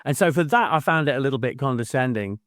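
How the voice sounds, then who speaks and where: A man's voice: mid-range voice, lively intonation, quick pace, a bit bright, no room sound, clean studio sound. A man co-hosting a casual podcast about a book, swearing freely and laughing partway through sentences. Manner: swears freely, laughs mid-sentence, mimics people in quotes. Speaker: podcast co-host. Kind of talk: casual book-club chat.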